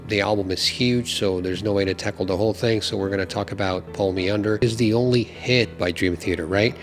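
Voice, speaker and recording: A man hosting his own music channel, talking in a relaxed, chatty way full of filler phrases as he walks through song lyrics. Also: fairly low pitch. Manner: relaxed, chatty, many you-knows. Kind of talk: casual talk on song lyrics.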